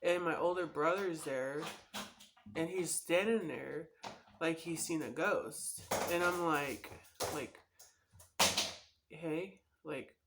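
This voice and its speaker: A woman's voice: sits low, slow, long pauses, background noise. A woman vlogger telling a personal story to camera in a rambling way, full of "like" and "you know".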